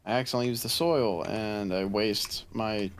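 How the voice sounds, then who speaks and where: A man's voice: on the low side, normal speed, slight background noise. A young man co-hosting a casual gaming podcast, telling stories with heavy swearing. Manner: profane, animated storytelling. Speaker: podcast co-host.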